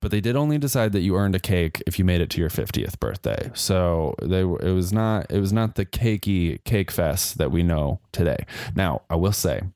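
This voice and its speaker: A man's voice: low-pitched, normal speed, no room sound, clean studio sound. A young man hosting a comedy podcast, telling a history story with sarcastic, playful asides. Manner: sarcastic, playful, animated with exaggerated voices. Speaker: podcast host.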